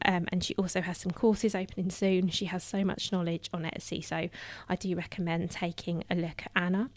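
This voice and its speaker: A woman's voice: medium pitch, a little mellow, no echo. A woman hosting her own podcast alone, chatting in a loose, filler-heavy way and sounding a little out of breath. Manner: chatty, full of "um" fillers and restarts. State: somewhat out of breath. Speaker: podcast host. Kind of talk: solo podcast talk.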